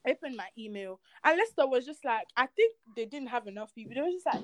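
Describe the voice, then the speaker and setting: A young woman tells her story in a casual chat. Her voice sits a little high, and she acts out the people she quotes. The recording is dry and close. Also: lively intonation, fast, dry recording. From Nigeria. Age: young adult. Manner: earnest, preaching faith. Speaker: guest.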